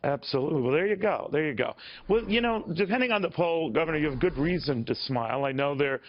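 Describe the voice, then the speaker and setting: A man's voice: a little high, animated, quick pace. A man anchoring a TV news interview, wry and teasing, with chatty restarts. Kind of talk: broadcast interview. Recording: dull lo-fi broadcast audio.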